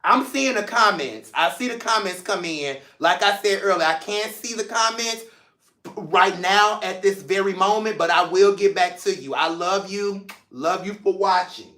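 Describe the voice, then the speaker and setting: A man hosting a show, speaking to viewers in an emotional, expressive way with playful asides. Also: high-pitched, normal speed, reverberant. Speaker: host. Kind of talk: heartfelt personal talk to viewers.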